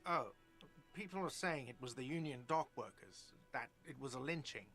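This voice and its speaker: A whiny, sarcastic innkeeper. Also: male voice, mid-range voice, animated, moderate pace, a bit bright, soft background music. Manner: sarcastic and dismissive.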